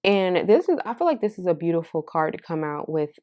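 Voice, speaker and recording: Woman, low-pitched voice, tarot reader, casual, candid, heartfelt, swears freely. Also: big pitch swings, fairly quick, a little mellow. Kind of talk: casual pick-a-card tarot reading.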